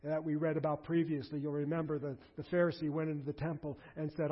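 Husky-voiced man preaching a sermon. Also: a little high, flat delivery, fast talker, long reverb tail. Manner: earnest, exhorting the congregation directly. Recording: dull lo-fi recording.

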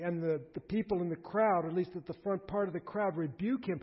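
Husky-voiced man preaching a sermon. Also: sits high, fairly quick, few pauses, in a large hall. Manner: earnest, exhorting the congregation directly. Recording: dull lo-fi recording.

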